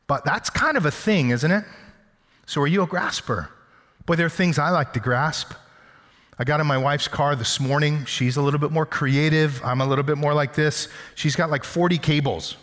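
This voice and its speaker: A man's voice: fairly high pitch, fairly bright tone, in a large hall. A man preaching a sermon as pastor, conversational and teasing, with everyday examples. He often repeats words and restarts. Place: church sanctuary.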